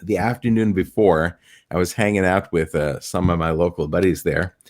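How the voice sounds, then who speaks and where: A middle-aged man, a stage illusionist, telling animated anecdotes in a podcast interview and acting out the people he quotes. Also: low-pitched, normal speed.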